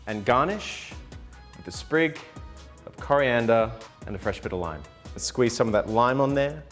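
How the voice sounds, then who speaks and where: A man walks through a taco recipe in a playful, chatty way. He jokes as he cooks, with light music under his voice. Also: mid-range voice. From Australia. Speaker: chef cooking on camera. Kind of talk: casual cooking demo.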